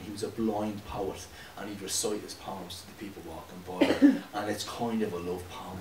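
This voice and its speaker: A young man with a fairly low voice talks to a small live crowd between poems, halting and casual with plenty of fillers. He sounds distant from the mic. The room rings with echo, and a faint hiss sits underneath. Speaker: performing poet. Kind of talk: poetry slam performance and chat with the audience. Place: small live venue with an audience.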